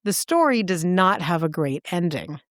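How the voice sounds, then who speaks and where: A woman with a lowish voice tells a story in casual chat, eager and animated. She jumps up in pitch to stress her words. The recording is dry and close. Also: normal speed, no echo. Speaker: podcast co-host.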